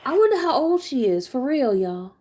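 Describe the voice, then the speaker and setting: A woman's voice: sits high, sing-song, normal speed, mellow. A woman co-hosting a casual livestream, blunt and teasing as she talks back to the chat.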